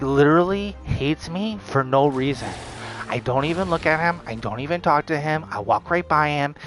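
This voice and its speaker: A man with a slightly high, fairly bright voice vents in a vlog monologue. He swears a lot, repeats himself, and fills his ranting with filler words.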